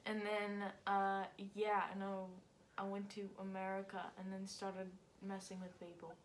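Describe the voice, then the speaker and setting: A woman's voice: mid-range voice, completely flat delivery, measured pace, a little hiss or hum. Giggly girl rambling through jokes. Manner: giggly, joking, rambling storytelling. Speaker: host's teenage daughter, guest. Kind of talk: casual chat.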